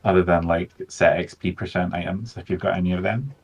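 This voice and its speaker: A man's voice: low voice, steady tone, a little fast, breathy edge. A man leading a game playtest over a voice call, laid-back and joking, swearing casually. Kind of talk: casual voice chat.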